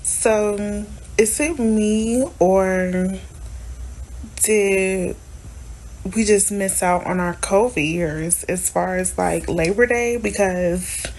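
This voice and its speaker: A woman in her thirties muses aloud in a casual monologue, asking one rhetorical question after another. She talks slowly, in a mid-pitched voice. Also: darkish tone, a little hiss or hum, low-quality recording. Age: 30s. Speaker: clip speaker.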